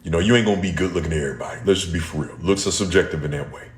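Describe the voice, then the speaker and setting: A very deep-voiced man rants bluntly, his speech loaded with slang and swearing. The sound carries a noticeable room echo, as in a clip he filmed himself. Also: rapid-fire. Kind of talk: casual social media rant.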